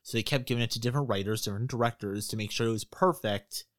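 A man's voice: mid-range voice, very fast, dry recording, clean studio sound. A man co-hosting a casual podcast, relaying facts and reading quotes aloud. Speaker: podcast co-host.

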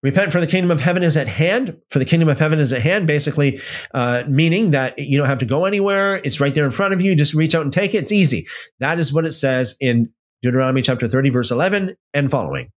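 A man giving informal Bible teaching in an emphatic, animated way, often restarting and using fillers. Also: on the high side, quick pace.

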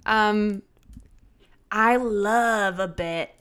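A woman co-hosting a casual podcast, reacting with wry, deadpan quips. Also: medium pitch, extremely slow, clear, resonant tone. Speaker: podcast co-host. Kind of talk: casual chat.

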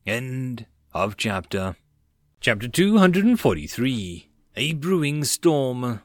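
Guy narrating an audiobook, animated delivery, dry close sound. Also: medium pitch, dry recording.

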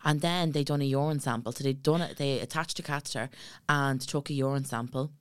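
A woman's voice: extremely low pitch, brisk, clear, resonant tone, dry recording. Laughing Dublin woman telling a story. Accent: Irish, Dublin. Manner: animated, laughing, swearing, slangy. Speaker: podcast co-host. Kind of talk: casual chat, storytelling.

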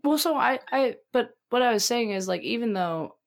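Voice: medium pitch, animated, normal speed, vocal fry. Anxious rambling podcast co-host, nervous laughs, self-interrupting, remote call audio. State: anxious and sweaty. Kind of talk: casual chat over a remote call.

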